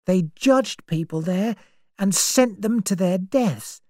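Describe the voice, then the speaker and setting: A woman's voice: mid-range voice, animated, slow pace, darkish tone, no echo, studio quality, pitched above the performer's own voice. A woman voicing a frightened young woman in an audiobook reading, speaking anxiously and pleadingly. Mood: uneasy. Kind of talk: storybook reading.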